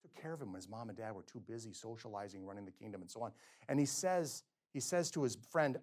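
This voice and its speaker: A middle-aged male physician giving a lecture, telling stories and acting out quotes with sudden swings between loud and soft. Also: on the low side, expressive, fast. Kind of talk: lecture with storytelling. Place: lecture hall.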